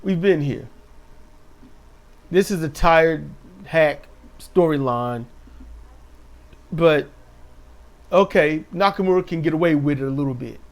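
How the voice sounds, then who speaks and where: A man's voice: fairly high pitch, unhurried, pauses often. A man giving a casual, sarcastic recap of a wrestling show, mocking the wrestlers with put-on voices. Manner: sarcastic, mocking impressions in a raised voice.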